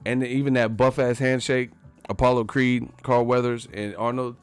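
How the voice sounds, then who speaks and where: A man's voice: medium pitch, little pitch movement, moderate pace, smooth, no room sound, soft background music. A man hosting a casual live stream, profane and laughing often as he reacts to the chat.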